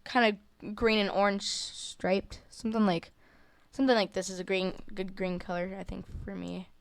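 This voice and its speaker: A woman walking through a software drawing tutorial in a casual, hesitant way, with many fillers and self-corrections. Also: mid-range voice, little pitch movement, moderate pace, vocal fry, clear, resonant tone, dry recording. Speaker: tutorial creator. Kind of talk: screen-recorded software tutorial.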